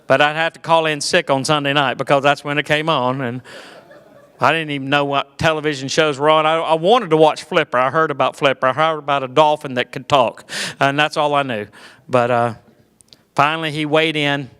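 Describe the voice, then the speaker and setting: A man's voice: fairly high pitch, moderate pace, pushed and bright, clear, resonant tone. A middle-aged man with a Southern US accent, from Georgia, telling clean stand-up stories in a folksy, self-deprecating way with fillers. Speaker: comedian. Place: church hall. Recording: echoey hall.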